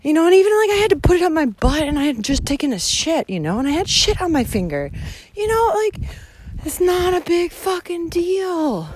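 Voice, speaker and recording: Young woman, hiking vlogger, phone mic outdoors, breathless, blunt and sweary, pitch jumping all over. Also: fairly quick. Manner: blunt, heavy swearing, animated rants. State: out of breath from climbing. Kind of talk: casual walking vlog monologue. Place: outdoors on a rural trail. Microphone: phone held while walking.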